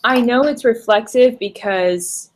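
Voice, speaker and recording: A woman's voice: on the high side, measured pace, a little hiss or hum. A woman student in a tutoring session, thinking aloud and asking hesitant questions.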